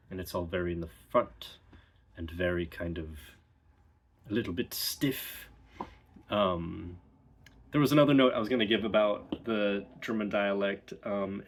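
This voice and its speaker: A man giving a relaxed, explanatory video lesson as a dialect coach, pausing often with ums. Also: deep voice.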